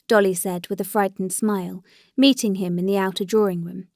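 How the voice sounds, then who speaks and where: A woman narrating a classic novel in a steady, even storytelling manner. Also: mid-range voice, fairly quick, no echo, studio quality. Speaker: audiobook narrator.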